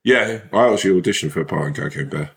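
A man's voice: sits low, expressive, quick pace, gravelly. A young man, an actor and podcast co-host, rambling casually with lots of fillers and swearing. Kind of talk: casual chat.

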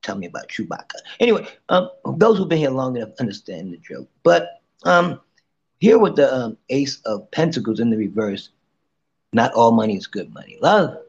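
A man hosting a casual live chat room and giving tarot readings, playful and teasing, with sudden soft asides. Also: mid-range voice, sing-song, moderate pace, gravelly, slightly rough, dull audio.

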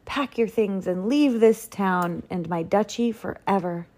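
A woman's voice: medium pitch, measured pace, a little mellow, natural voice. A woman voicing an angry, haughty male duke in a storybook read-aloud, roaring and giving commands. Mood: stern.

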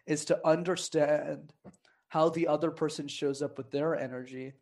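Animated man coaching on conversation. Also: a little high, moderate pace. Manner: animated, acts out quoted voices. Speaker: podcast guest, communication coach. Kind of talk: casual conversational advice.

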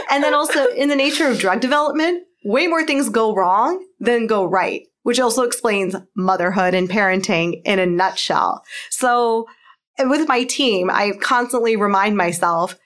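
Guesting on a casual interview, this thirty-something pharma entrepreneur and mom keeps things chatty, with frequent laughs and plenty of "like." She speaks at a measured pace in a slightly high, fairly bright voice.

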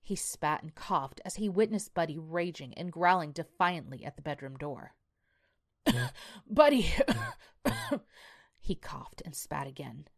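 A woman narrating a scripted horror story in a measured, steady way, sometimes dropping to a near-whisper. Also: deep voice. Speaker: podcast narrator.

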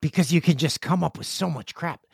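A man's voice: a little fast, vocal fry, breathy edge, no room sound, clean studio sound. A man hosting his podcast in a casual, jokey chat, reading emails and acting out friends' reactions. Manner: chatty, jokey, acts out friends in loud high voices. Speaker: podcast host. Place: home studio with stairs nearby.

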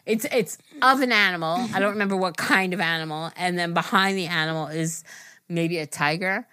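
A woman's voice: lowish voice, brisk, sharp tone, smooth, no room sound. A middle-aged woman co-hosting a podcast in casual chat, rambling and losing her thread, laughing along. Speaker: podcast co-host.

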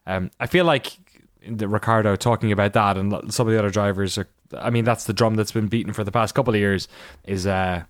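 A man co-hosts a casual podcast chat, hesitant and full of fillers, dropping dry sarcastic asides. His fairly low voice keeps a fairly even intonation and a brisk pace, with no echo on the recording.

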